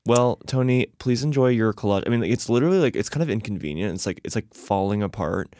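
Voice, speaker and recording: A man's voice: fairly low pitch, expressive, fast, dark tone, no room sound, studio quality. A man from Nashville hosting a podcast, rambling bashfully with lots of "like" and restarts in casual chat. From Nashville, Tennessee. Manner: rambling, full of "like", bashful and emotional. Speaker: podcast host.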